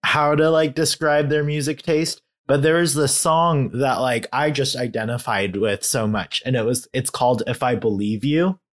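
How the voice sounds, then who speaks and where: A young man in a candid conversation about faith, talking in a halting, heartfelt way with many fillers and growing emotional. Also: mid-range voice. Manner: grows emotional while talking. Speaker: guest.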